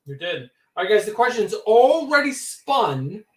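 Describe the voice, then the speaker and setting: A man's voice: high voice, big pitch swings, a little slow, a bit bright. An easygoing man with a New Hampshire accent hosts trivia on a casual livestream and takes the teasing in stride. His voice carries a noticeable roomy echo. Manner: easygoing, good-humored, reads trivia questions. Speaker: co-host and trivia quizmaster.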